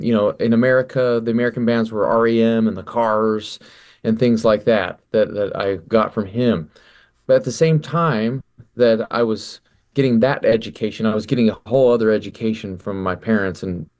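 A man in his forties, a musician on the radio, talking about his album in a relaxed, reflective way and often repeating words as he thinks. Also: mid-range voice. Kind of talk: relaxed radio interview talk.

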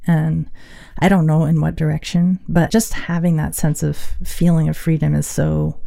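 Low gravelly-voiced woman musician, reflective. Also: little pitch movement, normal speed, dark tone. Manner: reflective, many "like" fillers. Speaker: musician guest. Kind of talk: casual interview talk.

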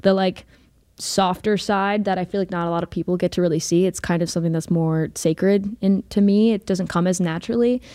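Chatty young woman with a mellow voice. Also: on the low side, steady tone, fairly quick, no echo, studio quality. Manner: chatty, laughs often, fillers. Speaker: musician, band singer. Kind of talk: casual radio interview.

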